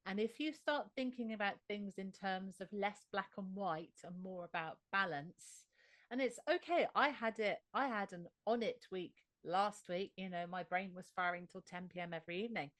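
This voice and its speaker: An Australian woman recounts her experiences in an animated, conversational way. Her voice sits in the middle range. The recording is close and dry, with no room sound. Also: medium pitch, normal speed, no echo. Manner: animated storyteller. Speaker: interview guest. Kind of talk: conversational interview.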